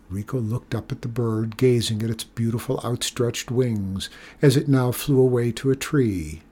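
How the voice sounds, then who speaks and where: Husky male storyteller, measured read-aloud, mid-pitched. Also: warm tone.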